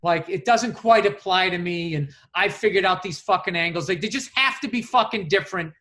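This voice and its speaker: A man's voice: high voice, fairly quick, sharp tone. A middle-aged man co-hosting a podcast in casual chat, ranting with plenty of swearing and exasperation. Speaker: podcast co-host.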